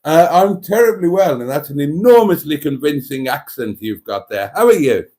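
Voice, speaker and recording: A man's voice: a little high, lively intonation, normal speed, darkish tone. A man hosting a livestream, tipsy from wine, chatting, laughing and reading comments aloud. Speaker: livestream host. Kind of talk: casual livestream chat.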